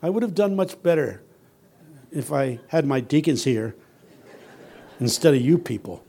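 A man preaching in a fairly high voice, mixing teasing humor with storytelling. He moves from hushed, earnest appeals to loud, shouted passages. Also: animated, a little slow, vocal fry, slightly rough. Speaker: guest preacher. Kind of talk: sermon.

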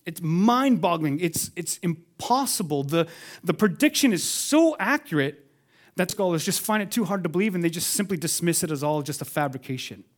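Here a man preaching as pastor keeps a moderate pace and an animated, fairly high-pitched delivery. His lines rise to loud emphasis and drop to hushed tones, and he invites the congregation to respond.

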